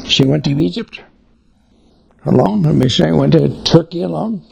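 A man's voice: fairly high pitch, normal speed, creaky, darkish tone, lo-fi sound, a little hiss or hum. An older man giving an informal, folksy sermon on family life, telling anecdotes. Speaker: Christian speaker on family life.

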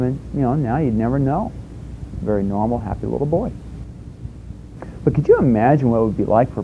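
A man's voice: mid-range voice, warm tone, slight background noise, rough recording. A man preaching a sermon in a conversational way, asking rhetorical questions and telling homespun stories.

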